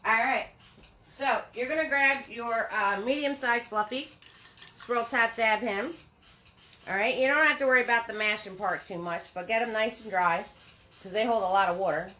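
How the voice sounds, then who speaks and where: She's a painting instructor teaching live, her voice fairly high, bright and forceful, at a moderate pace. Between strokes she chats and welcomes viewers by name with endearments such as sweetie and hon. Faint music plays in the echoey room.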